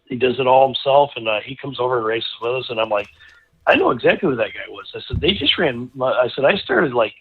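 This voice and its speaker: A man's voice: mid-range voice, a little fast, breathy edge. A man guest in a casual interview, telling a long story with lots of restarts and asides. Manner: rambling, animated storyteller with many restarts. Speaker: racing driver guest. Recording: tinny phone-like line.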